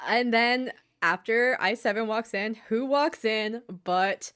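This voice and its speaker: A woman co-hosting a podcast, recapping an anime in relaxed, casual chat with many fillers. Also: a little high, slow pace, smooth. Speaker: podcast co-host.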